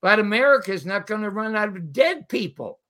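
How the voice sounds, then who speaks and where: An older man telling animated stories as a guest, quoting the people in them. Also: sits high, moderate pace. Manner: animated storyteller quoting others. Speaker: guest storyteller. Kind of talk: casual interview anecdotes.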